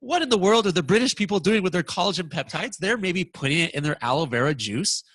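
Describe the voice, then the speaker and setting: A man presenting a software walkthrough lesson, talking excitedly and stammering when surprised. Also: high-pitched, quick pace, no echo.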